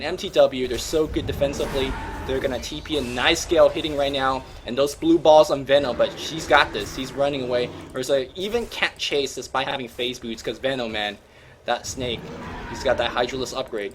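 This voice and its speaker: Energetic, joking man calling game replays. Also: medium pitch, brisk, noisy background. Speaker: host and caster.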